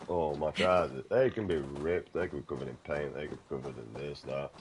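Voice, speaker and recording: A man's voice: a bass voice, brisk, slight background noise. A man chatting casually over gameplay, rambling, swearing freely and calling the listener mate. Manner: rambling, swears a lot, keeps saying "mate". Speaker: gaming channel host.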